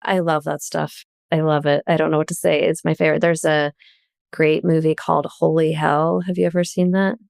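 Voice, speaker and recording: A woman with a low, gravelly voice talks as a podcast guest, animated and quick to laugh. The recording is dry and close to the mic. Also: dry recording. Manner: animated, laughs while telling stories. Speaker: guest, journalist and author. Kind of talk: casual podcast conversation.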